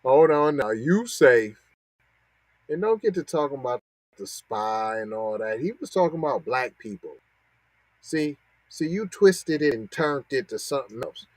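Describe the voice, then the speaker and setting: A man's voice: medium pitch, expressive, unhurried, no room sound, rough recording. A man, hosting a podcast and reacting to news clips with mocking, repetitive commentary. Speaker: podcast host.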